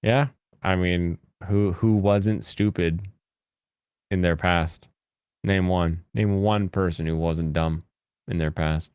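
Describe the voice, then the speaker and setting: A man's voice: fairly even intonation, slow, darkish tone, clean tone, dry recording. Joking American man chatting on stream. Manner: joking, jumps into high mocking voices. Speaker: streamer reacting to chat. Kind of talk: casual live-stream chat.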